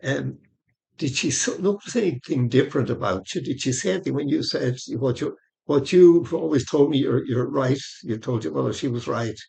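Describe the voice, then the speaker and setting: A man hosts a faith podcast, gently prompting his guest with questions and ending the show with a blessing. His voice has a gravelly edge at a middle pitch. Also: normal speed. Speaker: podcast host. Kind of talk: interview and sign-off.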